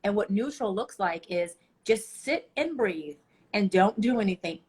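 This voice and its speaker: A woman's voice: mid-range voice, measured pace, breathy edge. A woman guest giving passionate motivational advice in an interview, telling stories with feeling. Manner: passionate, preachy, animated storytelling. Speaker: life coach guest.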